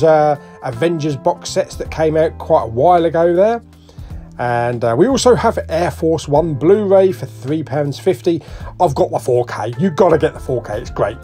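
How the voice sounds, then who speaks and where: Chatty British man listing prices. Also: a little high. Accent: British English. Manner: chatty, jokey, lively, ticks off titles and prices. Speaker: vlogger. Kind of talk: casual shop walk-through commentary.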